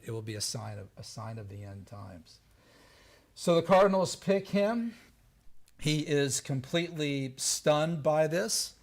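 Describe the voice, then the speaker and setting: A man giving a lively storytelling talk on history before an audience, acting out the voices of the people he quotes. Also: medium pitch. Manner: animated, acts out quoted voices. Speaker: lecturer. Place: event hall before an audience.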